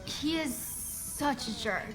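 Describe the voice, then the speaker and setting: A woman's voice: high-pitched, animated, slow pace, over music. Blunt teen girl reporter. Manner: blunt, indignant. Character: frustrated outspoken teenage girl reporter. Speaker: high school student journalist.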